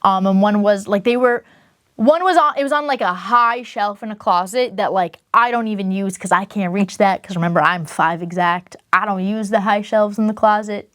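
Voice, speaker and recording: A woman's voice: medium pitch, no room sound. Chatty young woman, dry close sound. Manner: chatty and quick, with many asides and self-corrections. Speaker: vlogger telling her own story. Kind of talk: casual storytime monologue.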